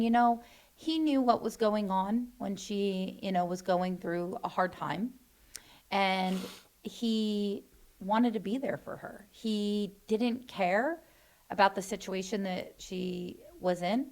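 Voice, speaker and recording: Middle-aged woman, mother, mid pitch, earnest, reflective, interview guest. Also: darkish tone. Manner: reflective, defends her son. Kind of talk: earnest conversation.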